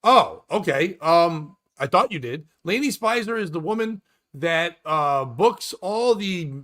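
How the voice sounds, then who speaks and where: Male comic podcast host, rambling storyteller, bright and pushy tone. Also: high-pitched, unhurried. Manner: rambling, animated storyteller acting out quotes. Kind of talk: casual storytelling chat.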